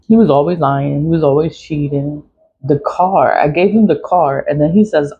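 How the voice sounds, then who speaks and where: A woman's voice: low voice, moderate pace, breathy edge. A middle-aged woman, telling a personal story in a blunt, swearing, venting way with laughs. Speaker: vlogger. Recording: dull lo-fi audio.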